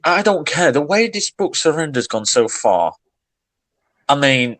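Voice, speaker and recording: A man's voice: medium pitch, big pitch swings, moderate pace, fairly bright tone, low-quality recording. A young man co-hosting a podcast, ranting in casual chat, agitated, with sighs and many restarts. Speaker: podcast co-host.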